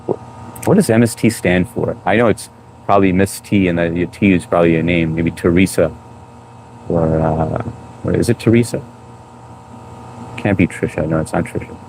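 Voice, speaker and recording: A low-pitched man chats loosely on a live stream, greeting viewers by name. His tone is playful and teasing, and a faint background hum sits under the voice. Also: normal speed, creaky, pauses often, a little mellow. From United States. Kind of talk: casual live-stream chat reading comments. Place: home room, New York.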